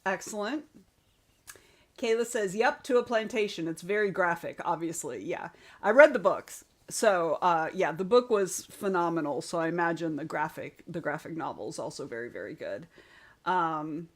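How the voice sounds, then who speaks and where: A woman's voice: lowish voice, lively intonation, normal speed. A woman hosting a writing livestream, reading viewer comments aloud and chatting casually in a rambling way. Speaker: writing stream host.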